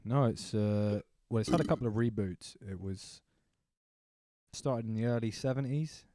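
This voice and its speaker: A man's voice: lowish voice, normal speed, warm tone, dry recording, clean studio sound. A man co-hosting a podcast, rambling casually with lots of fillers and swearing. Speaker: podcast co-host. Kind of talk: casual chat.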